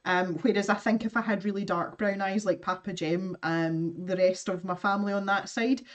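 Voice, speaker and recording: A woman's voice: mid-range voice, steady tone, normal speed, distant mic. A woman from Scotland, in her thirties, chatting casually and self-deprecatingly while she draws on a livestream and reads out viewer comments, laughing often. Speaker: artist livestreaming her drawing.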